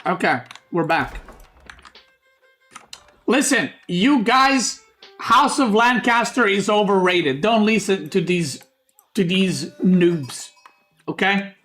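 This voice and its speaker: A man's voice: high voice, animated, slow pace, long pauses, fairly bright tone, soft background music. A man doing casual stream commentary on a strategy game, joking and bickering with his chat and swearing now and then. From Serbia. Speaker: streamer casting a tournament.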